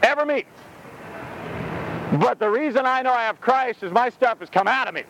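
A man preaching a sermon outdoors in a rhetorical, animated way, laughing between his points. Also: very high voice, normal speed, slight background noise, low-quality recording.

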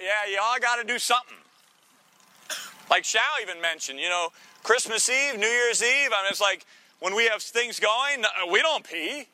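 A man preaching a sermon in a teasing, conversational way, full of quick asides to the congregation. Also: sits high, bright, forceful tone. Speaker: pastor.

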